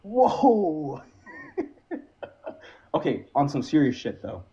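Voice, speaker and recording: A man's voice: medium pitch, expressive, brisk, darkish tone, breathy edge. A man calling into a live stream debate, distracted and apologetic, swearing casually as he talks. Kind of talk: casual argumentative chat. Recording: dull lo-fi call audio.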